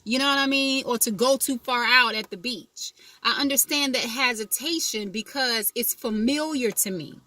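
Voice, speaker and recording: A woman's voice: fairly high pitch, moderate pace, hardly any pauses, sharp tone. A woman giving a casual motivational talk, speaking conversationally and often asking whether the listener follows. She repeats key phrases for emphasis. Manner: conversational, asks "you know what I mean?" often.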